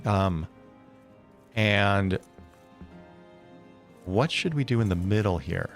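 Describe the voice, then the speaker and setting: A man's voice: on the low side, takes it slowly, faint music behind. A man live-streaming a building game, chatting casually and thinking aloud with many hesitant self-corrections.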